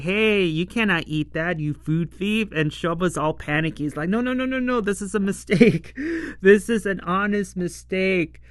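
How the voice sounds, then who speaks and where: Chatty man recapping an episode, slow talker. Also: fairly high pitch, a bit bright, no room sound, clean studio sound. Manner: chatty, laughs often, fillers like "you know" and "whatnot". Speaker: show reviewer and host.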